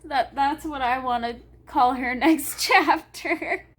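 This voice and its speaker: A woman talking casually in a reading vlog, gushing and excitable, often squealing and laughing as she reacts to a book. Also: high-pitched, slow pace. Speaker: book vlogger.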